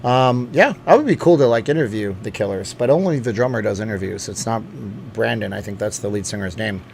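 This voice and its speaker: A man's voice: lowish voice, fairly quick, gravelly, hardly any pauses, darkish tone, slight background noise. A middle-aged man hosting a casual livestream from home, reading chat and rambling with many restarts and asides. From lives in Las Vegas. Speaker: channel host reading live chat. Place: home room.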